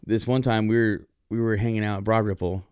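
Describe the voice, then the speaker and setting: Low-voiced rambling man, dry sound. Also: fairly even intonation, brisk, darkish tone, smooth, dry recording. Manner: loose, profane, rambling with many fillers. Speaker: podcast host. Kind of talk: casual rambling monologue.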